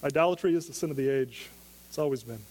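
A man's voice: mid-range voice, quick pace, darkish tone, in a large hall. A man preaching a sermon as pastor, talking in a conversational way and asking the listeners question after question.

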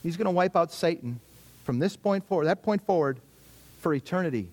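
A man's voice: a little high, lively intonation, brisk, darkish tone. A middle-aged man preaching a sermon in a conversational way, asking rhetorical questions and repeating his key phrases. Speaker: pastor.

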